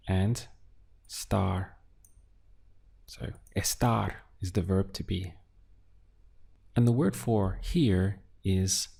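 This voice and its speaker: A man teaching useful phrases in a slow, clear lesson, giving prompts and then the model answers. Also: on the low side, darkish tone. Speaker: language teacher. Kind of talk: audio language lesson.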